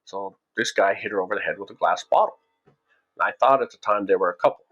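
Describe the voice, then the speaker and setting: Low-voiced man telling a story casually. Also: brisk, a bit bright, highs cut off. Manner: rambling, with frequent restarts and acted-out quotes. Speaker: storyteller recounting his own past.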